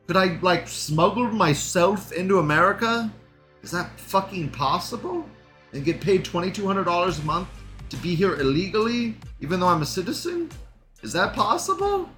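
A man's voice: high voice, lively intonation, normal speed, a bit bright, faint music behind. A man hosting a live show, talking in a casual, sarcastic and profane commentary style, with frequent laughs.

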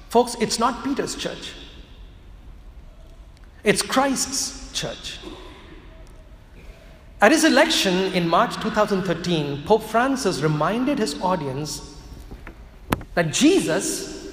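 Male priest, sermon, emphatic with slow low key phrases, roomy church sound. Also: very animated, a bit bright, a little hiss or hum. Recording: echoey church hall with long reverb.

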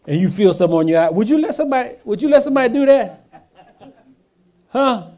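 A male pastor preaching a sermon, throwing rhetorical questions at the congregation and swinging from hushed asides to loud emphatic lines. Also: very high voice, lively intonation, fast.

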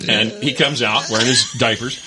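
A man's voice: mid-range voice, moderate pace, a crowd in the background. A man telling a childhood story as a guest, acting out the voices of the people in it. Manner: lively, acts out voices in his stories. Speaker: distillery co-founder guest. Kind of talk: animated storytelling.

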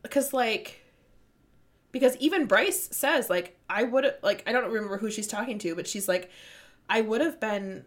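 Animated, swearing woman chatting about books. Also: fairly high pitch, normal speed. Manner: animated, swears freely, retells scenes excitedly. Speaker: book podcast host. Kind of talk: casual chat.

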